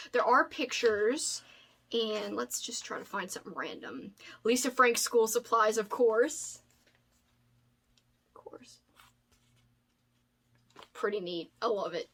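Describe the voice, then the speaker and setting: A woman in her thirties talks through her book mail at home in a bubbly, gushing, rambling way. Her voice sits a little high, and she chats casually like a regular vlogger. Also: a bit bright. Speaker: booktuber. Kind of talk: casual vlog unboxing.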